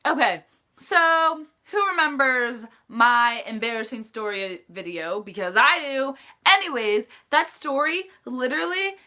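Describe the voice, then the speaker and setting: High, bright-voiced teenage girl. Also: measured pace. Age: teens. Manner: chatty, lots of "like" fillers. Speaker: vlogger. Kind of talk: casual storytime chat.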